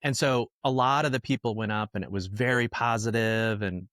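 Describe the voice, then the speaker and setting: Man telling lively anecdotes, dry sound. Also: on the low side, normal speed, no room sound. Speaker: guest musician. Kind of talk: casual storytelling.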